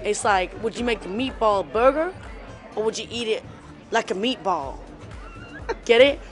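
A woman's voice: mid-range voice, animated, normal speed, close to an everyday voice. A woman putting on an American accent to play a rambling male music star who talks in meandering metaphors, with music and a crowd behind her. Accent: put-on American. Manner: meandering food metaphors, then a blunt punchline.

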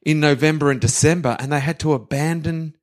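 A man's voice: fairly high pitch, fairly quick. A man co-hosting a casual history podcast, telling the story playfully and slipping into silly voices for quotes. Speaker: podcast co-host.

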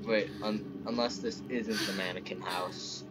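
A man's voice: low-pitched, fairly even intonation, measured pace, very noisy. A young man casually joking and teasing his co-player while playing a video game. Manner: joking, teasing, slips into silly voices. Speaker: gamer. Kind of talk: casual let's-play chat.

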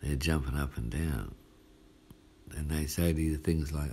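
Preaching a midweek sermon, an Australian male pastor speaks in a very low, mellow voice at an unhurried pace. His manner is chatty and folksy, and he often asks his listeners "hey?" over a faint ambient hum.

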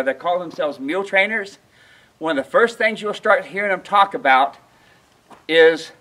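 A man with a high, bright voice teaches mule handling outdoors at a ranch. He is folksy and emphatic and keeps checking in with his listeners. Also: rough recording. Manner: folksy, emphatic, asks the audience questions. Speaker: mule trainer. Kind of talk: outdoor training demonstration.

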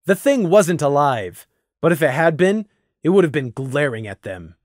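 A man narrating a fan fiction audiobook in an expressive, dramatic reading style. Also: on the high side, normal speed, dry recording, clean studio sound.

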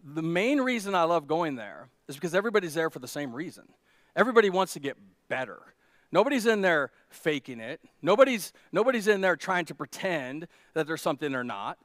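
A man's voice: fairly high pitch, big pitch swings, fairly quick, a bit bright, no echo, clean studio sound. A male pastor, preaching a conversational sermon in a storytelling way, with restarts and fillers, building to emphatic peaks. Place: church.

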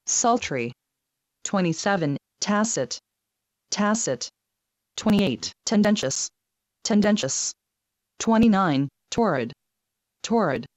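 A woman slowly reading numbered vocabulary words, saying each word twice in an even, measured drill style. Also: fairly low pitch, no room sound. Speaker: vocabulary reader.

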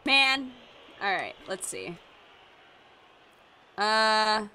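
A woman playing against a friend in casual gameplay chat, with drawn-out reactions and short exclamations. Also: medium pitch, sing-song, sharp tone, a little hiss or hum. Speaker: opposing player.

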